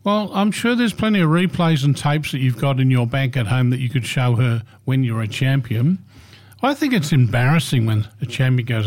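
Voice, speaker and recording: A man's voice: mid-range voice, lively intonation, normal speed, darkish tone, dry recording. A man co-hosting a casual radio sports chat, blunt and opinionated.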